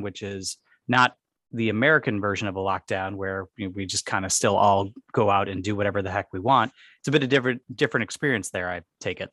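A man's voice: fairly low pitch, a bit bright, no room sound, studio quality. A man hosting an interview, asking long wandering questions full of you know and sort of. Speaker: podcast host. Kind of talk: casual conversational interview.

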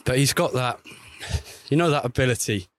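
A man's voice: moderate pace, no echo. A man reporting on football while walking outdoors, chatting casually and correcting himself as he goes. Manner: chatty, self-correcting, lively pitch swings. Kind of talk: walking vlog commentary. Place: outdoors by a street.

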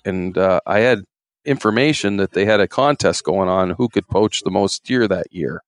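A man's voice: low-pitched, no echo, studio quality. A man, a former game warden, telling stories in a rambling, folksy way with many fillers. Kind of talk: casual storytelling interview.

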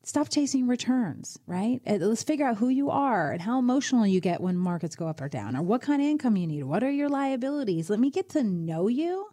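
A woman's voice: on the high side, sing-song, fairly quick, hardly any pauses, dark tone. A woman hosting a radio show as a financial advisor, coaching listeners in a direct, conversational way. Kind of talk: conversational radio advice talk.

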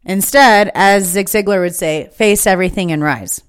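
A woman's voice: medium pitch, moderate pace, smooth. A woman hosting her own podcast, giving an impassioned, emphatic spiritual monologue that is full of swearing. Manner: fired-up, emphatic, swears freely. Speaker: podcast host.

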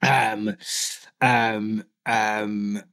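A woman co-hosting a casual podcast, animated and swearing freely as she rants. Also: a bass voice, extremely slow. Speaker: podcast co-host.

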